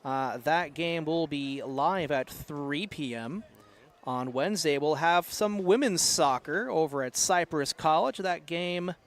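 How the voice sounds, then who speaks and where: A man's voice: on the high side, takes it slowly. A man doing play-by-play commentary for a college football game, then reading the upcoming schedule in an easygoing way. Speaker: play-by-play announcer. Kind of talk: live sports commentary. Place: outdoor stadium press box.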